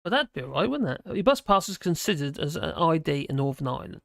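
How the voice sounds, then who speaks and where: A man's voice: on the high side, very animated, brisk, vocal fry, a bit bright, dry recording, studio quality. A tired man hosting a livestream, rambling casually through viewer chat and slurring his words a little. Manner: rambling, with frequent restarts and fillers.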